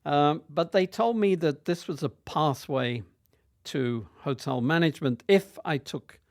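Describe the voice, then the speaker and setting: A man's voice: on the high side, measured pace, dry recording, clean studio sound. A man of about 60 from near Manchester, telling stories from his career as a guest, with hesitant fillers and restarts. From near Manchester, England. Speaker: hotel group chief executive, guest. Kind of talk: reminiscing storytelling.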